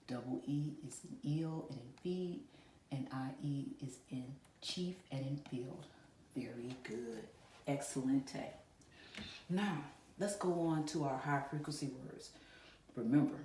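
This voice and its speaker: A woman's voice: sits low, unhurried, warm tone, slight background noise. A woman teacher giving a virtual lesson to kindergarten and first graders, encouraging them and asking them questions. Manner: encouraging, talks directly to children with questions. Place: classroom. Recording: echoey room, voice a bit far from mic.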